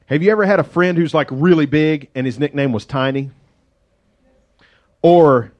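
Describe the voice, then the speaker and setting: A middle-aged male pastor preaching in a relaxed, joking way. His voice sits a little high for a man, and he slips into playful voices for the people in his stories. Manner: conversational and joking, acts out quoted voices. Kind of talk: sermon.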